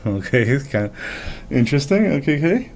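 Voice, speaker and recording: Man, casual live reaction, lively pitch, fast talker, laughs between lines. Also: slight background noise. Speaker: manga reviewer.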